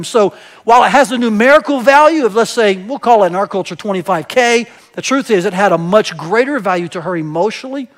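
A man preaching a sermon as pastor, speaking conversationally to his church and often checking in with the congregation. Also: sits high. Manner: conversational, asks the congregation "right?"; explains with everyday examples and some hesitations.

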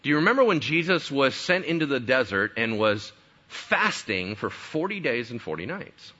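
A male pastor delivering a conversational sermon with an animated, rising and falling pitch. His voice is bright and forceful as he poses questions to the congregation. The recording sounds dull and lo-fi. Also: normal speed. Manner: conversational, asks rhetorical questions.

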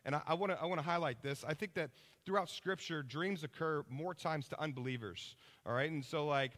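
A man preaching a sermon, telling lively stories and checking in with his listeners. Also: a little high, fairly quick, in a large hall. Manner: energetic storytelling, checks in with listeners.

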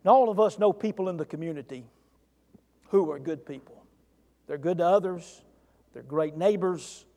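In a mellow, high-pitched voice, a man gives an earnest sermon as a pastor at normal speed, leaving long pauses and asking the congregation direct questions. The spacious church adds a long, lingering reverb.

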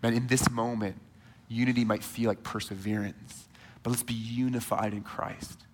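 A man in his thirties preaching a sermon to a church congregation in a conversational, animated way, speaking straight to his listeners. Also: mid-range voice, moderate pace, in a large hall, background noise. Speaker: pastor. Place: church sanctuary.

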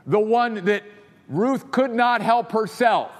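A man's voice: high voice, slow pace, long reverb tail. A man preaching a sermon as pastor, emphatic and building his points through repeated phrases.

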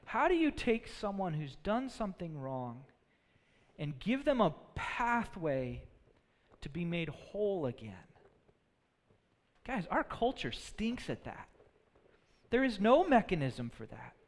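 A man preaching a sermon, earnest, often repeating words as he builds a point and dropping low and quiet for sad moments. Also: sing-song, takes it slowly, pauses often. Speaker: pastor. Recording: long hall reverb.

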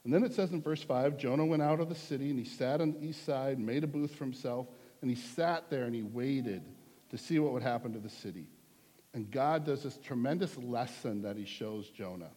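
A man's voice: medium pitch, brisk, mellow. A male pastor preaching a sermon in an earnest, conversational way, repeating points for emphasis. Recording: long hall reverb.

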